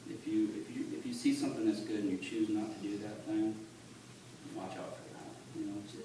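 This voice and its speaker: A man giving a halting, earnest personal testimony at church, recorded on a phone from the congregation. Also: fairly low pitch, fairly even intonation, dark tone. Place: church sanctuary. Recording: echoey church on a distant phone, noisy.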